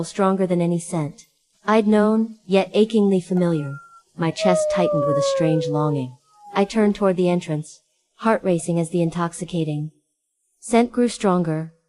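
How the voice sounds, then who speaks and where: Low, mellow woman narrating a first-person story, steady. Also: low-quality recording.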